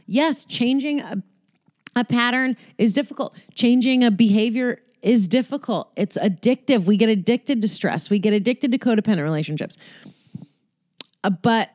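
A woman's voice: on the high side, moderate pace, darkish tone, no echo, clean studio sound. A woman talking candidly about a painful relationship and self-worth, frank and profane, with many fillers and restarts. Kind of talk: candid personal talk.

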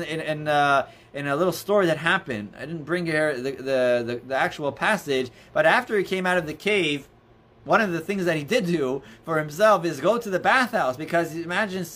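A man leads an informal Torah class in a slightly high voice. He tells the story conversationally, circling back with restarts and filler words. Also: expressive, normal speed, fairly bright tone. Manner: conversational, many restarts and "you know"s, storytelling. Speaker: rabbi teaching a class. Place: indoors near books.

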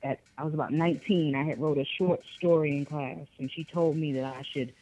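With the highs cut off in the recording, this Boston, Massachusetts author speaks a little fast in a low voice as an interview guest. Her talk is casual and animated, coming in bursts punctuated by frequent laughs.

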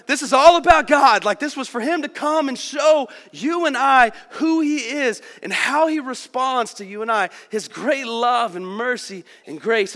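A man's voice that sits high and a bit bright preaches a sermon in a reverberant church sanctuary, the long hall echo trailing his words. He's a pastor talking to his church earnestly and casually, often using "like" and "man."

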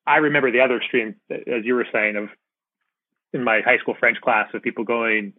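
A man hosting a conversational interview, speaking casually and agreeably, animated when he tells a story. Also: mid-range voice, a little fast, no echo. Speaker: podcast host. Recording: phone-like remote call audio.

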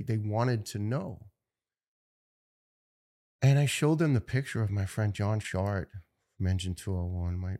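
A middle-aged man, a firefighter, telling personal stories in an earnest, halting way with restarts. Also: fairly low pitch, creaky, warm tone. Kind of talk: personal storytelling speech.

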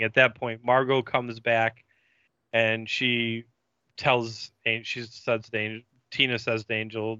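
Podcast host, young male, bright and punchy, dull lo-fi recording. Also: medium pitch, slow, smooth, no echo. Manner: animated retelling, acting out character lines. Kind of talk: casual episode recap.

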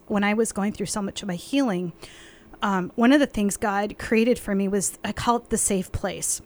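A woman's voice: medium pitch, normal speed, a little mellow. A woman co-hosting a faith podcast, talking in an effusive, emotional way with frequent laughter.

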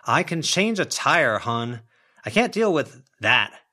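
A man voicing a practical, impatient woman in an audiobook reading, scolding loudly. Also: mid-range voice, big pitch swings, takes it slowly, voice pushed up, heavily acted. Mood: exasperated. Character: brisk, exasperated older woman, practical.

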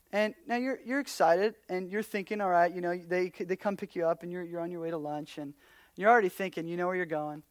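A man preaching a casual sermon, telling stories and acting out little quotes, swinging from loud bursts down to near-whispers. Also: high-pitched, dry recording. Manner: animated storyteller, acts out quotes, drops to near-whispers. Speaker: pastor.

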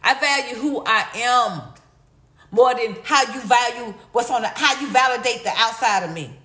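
A woman's voice: fairly high pitch, moderate pace, bright, forceful tone. A middle-aged woman hosting a livestream, chatting casually and reading chat comments in a slangy, blunt, laughing way. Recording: echoey room.

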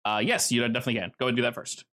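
A man's voice: medium pitch, very fast, pushed and bright. Man narrating a tabletop game. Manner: casual, vivid storytelling with fillers. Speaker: game master.

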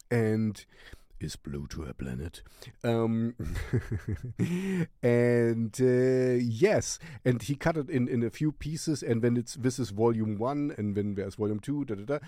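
A man's voice: medium pitch, dark tone, no room sound, studio quality. A man with a German accent recommending a song on his music channel, rambling and searching for words. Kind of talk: casual music recommendation vlog.

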